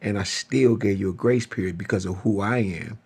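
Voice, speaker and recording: Gravelly man pouring out his feelings. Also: lowish voice, normal speed, a little mellow. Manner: pleading, emotional, repetitive address to an ex. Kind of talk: emotional monologue to camera.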